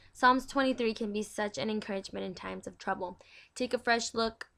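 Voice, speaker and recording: A woman's voice: medium pitch, creaky, a bit bright. A young woman in a casual devotional reading, chatty and stumbling over words as she reads aloud. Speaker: devotional video host.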